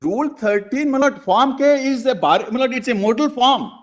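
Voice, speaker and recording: A male advocate makes his case to the bench in a courtroom, his voice sitting noticeably high for a man. He speaks in halting, piled-up clauses and calls the bench "my lord" every few words as he walks through pages and paragraphs. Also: animated. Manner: addresses the bench as "my lord" constantly, halting restarts. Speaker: advocate arguing before a court. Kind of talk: courtroom legal argument.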